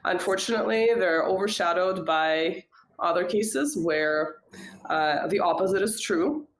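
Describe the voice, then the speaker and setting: Low-voiced woman chatting in an echoey room. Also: unhurried. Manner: thoughtful, hedging, frequent fillers. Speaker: podcast guest. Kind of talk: casual conversation.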